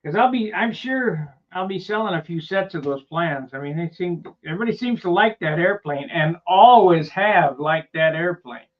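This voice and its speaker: A man's voice: sits high, expressive, normal speed, few pauses, highs cut off. A man hosting a casual workshop vlog on building model airplanes, talking in a rambling, plainspoken way with loose asides.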